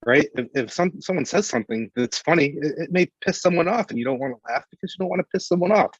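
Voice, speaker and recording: A man's voice: a little high, lively intonation, fast talker, breathy edge, no room sound, lo-fi sound. A man in casual podcast chat, outspoken and blunt, swearing freely.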